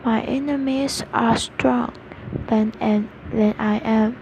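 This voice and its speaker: A woman reading the lines of a sorrowful king who is giving up his throne, in a slow, careful, halting way. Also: a little high, fairly even intonation, vocal fry, highs cut off. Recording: noisy recording with vehicle sounds.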